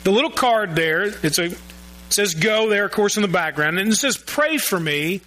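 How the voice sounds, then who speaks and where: Male pastor, high bright voice, earnest sermon, stumbles over repeated words. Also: brisk, poor audio. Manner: earnest, repeats words while searching for phrasing. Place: church sanctuary.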